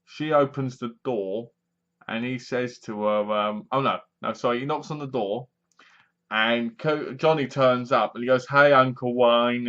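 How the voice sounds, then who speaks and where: A man's voice: medium pitch, fairly even intonation, measured pace, pushed and bright, dull audio. A man reviewing a horror film, retelling the plot with acted-out reactions and sound effects. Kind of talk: casual film review monologue.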